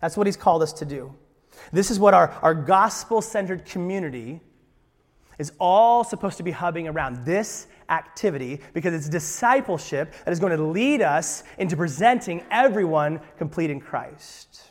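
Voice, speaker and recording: A man preaching a sermon as pastor, animated and talking with his hands. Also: on the high side, moderate pace. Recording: long hall reverb.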